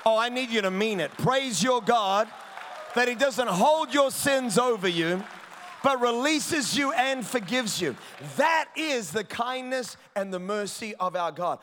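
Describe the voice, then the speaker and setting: A man preaching a sermon as pastor, driving points home with emphasis and rising to shouts. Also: extremely high pitch, animated, a little slow. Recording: long reverb of a large hall.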